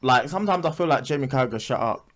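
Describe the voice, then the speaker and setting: Young man, podcast co-host, opinionated, laughs easily, lively voice. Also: mid-range voice, fast. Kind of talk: casual chat.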